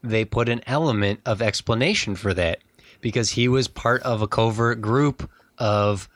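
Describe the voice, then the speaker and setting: Guy cohosting a movie podcast, lively, does little bits of mimicry, dry close sound. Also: medium pitch, moderate pace, dry recording. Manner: lively, often mimics lines in put-on voices. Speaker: podcast co-host. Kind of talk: casual movie discussion.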